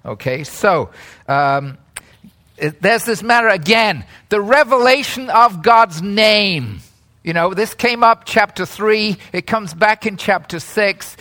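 A man preaching a sermon, high-pitched and bright in tone. He talks slowly and deliberately, then breaks into loud, animated calls on key words with a joking warmth.

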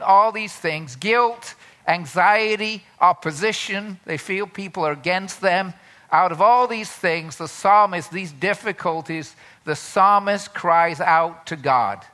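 A male pastor preaching a sermon slowly, repeating phrases and rising into loud, dramatic cries when voicing prayers. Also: sits high.

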